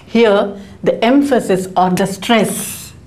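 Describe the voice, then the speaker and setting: A middle-aged woman teaching an English grammar lesson, explaining slowly and carefully and asking rhetorical questions. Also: medium pitch, a little mellow.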